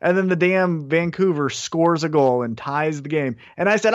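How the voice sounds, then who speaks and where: A man's voice: a little high, expressive, normal speed, hardly any pauses, no room sound. A man, co-hosting a podcast and telling wry anecdotes in casual chat. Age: 30s. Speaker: podcast co-host.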